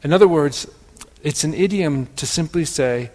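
A man with a Wisconsin accent giving a gentle, pondering spiritual teaching, often repeating words for emphasis. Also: fairly high pitch, moderate pace, big-room sound.

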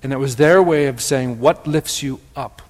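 A man with a Wisconsin accent teaching in a slow, reflective way, turning words over and repeating them as he goes. His pitch sits in an ordinary middle range, and the sound carries a long hall reverb. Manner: gentle, pondering, repeats words for emphasis. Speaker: spiritual teacher.

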